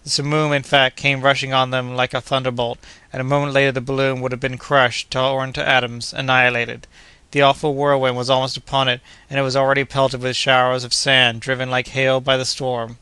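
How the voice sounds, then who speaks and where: A man reading a classic adventure novel aloud in a steady, measured narration. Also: medium pitch, smooth, no echo. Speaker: audiobook narrator. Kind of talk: scripted narration.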